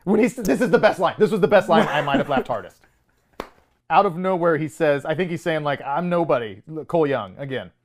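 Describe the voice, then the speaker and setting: This film podcast co-host talks a little fast in a higher-than-average voice. His casual review chatter mocks movie dialogue with constant laughter and deadpan, dramatic readings of lines.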